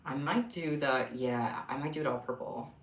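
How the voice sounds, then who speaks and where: A young man chatting casually on a home craft livestream, expressive and rambling. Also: medium pitch, moderate pace, slight background noise. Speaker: craft streamer. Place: room at home. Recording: echoey room.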